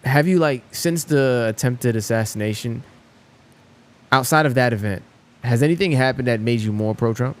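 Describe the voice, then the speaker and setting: A man's voice: mid-range voice, moderate pace. A man with a mid-range voice on a casual podcast. He asks probing questions and keeps restarting them midway.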